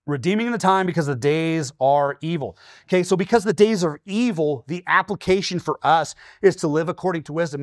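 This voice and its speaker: A pastor in his forties from Washington state preaching a sermon, telling stories with lively, acted-out quotes and often checking in with "okay?". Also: on the high side, no echo, clean studio sound. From Washington state, USA. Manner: animated storytelling, acting out his own quoted lines.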